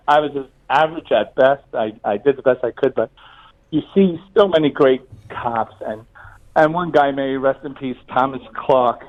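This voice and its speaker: A man's voice: mid-range voice, highs cut off. An older retired police officer from New City, phoning in to tell stories in a chatty way, repeating words as he goes. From New York City. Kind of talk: phone-in storytelling.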